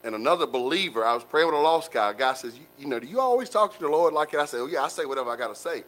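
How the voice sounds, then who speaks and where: A man preaching a sermon in a folksy, animated way, with colloquial asides to the congregation. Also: fairly high pitch, very fast, rough recording. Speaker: pastor.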